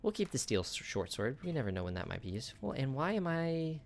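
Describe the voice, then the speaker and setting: A man's voice: medium pitch, big pitch swings, fast, creaky, a little hiss or hum. A man chatting casually through a video game, joking with the enemies he fights. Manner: chatty, jokes with on-screen enemies. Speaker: gameplay streamer. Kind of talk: casual gameplay commentary.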